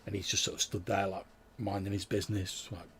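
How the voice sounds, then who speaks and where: A man's voice: sits low, level tone, brisk, fairly bright tone, a little hiss or hum. A man narrating a tabletop game as game master, describing scenes in a rambling way with many fillers.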